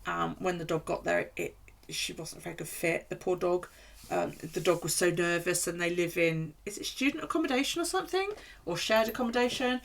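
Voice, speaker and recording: A woman's voice: lowish voice, fairly even intonation, moderate pace, creaky. A woman streamer chatting casually and rambling, with frequent swearing, during a live stream from home.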